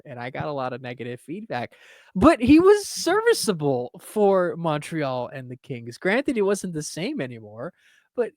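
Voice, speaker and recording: A man hosting a sports podcast in casual chat, animated and laughing often. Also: high voice, no echo, studio quality. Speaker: podcast host.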